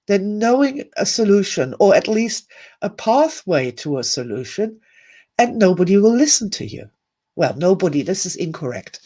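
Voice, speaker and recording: A woman's voice: mid-range voice, warm tone. A woman hosting a live-streamed talk to her viewers, emotional and teary, speaking candidly, repeating words and swearing now and then. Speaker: host.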